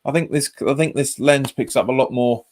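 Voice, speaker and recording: A man's voice: mid-range voice, fairly even intonation, a little fast, darkish tone. Chatty man hosting a live match stream. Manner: chatty, reacts to live chat comments and the match; casual, says "mate" often. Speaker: host of a football fan channel. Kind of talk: live match watch-along chat. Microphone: webcam.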